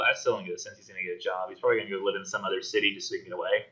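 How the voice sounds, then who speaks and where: A man teaching a college English class, talking casually and acting out characters in quick voices. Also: on the low side, steady tone, sharp tone, dull audio. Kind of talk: classroom discussion lecture.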